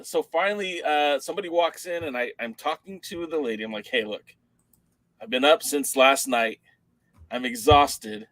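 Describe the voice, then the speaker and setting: Animated man telling a story, dry sound. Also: medium pitch, dry recording, low-quality recording. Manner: animated storyteller, acts out quoted voices. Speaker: podcast co-host. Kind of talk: casual podcast chat.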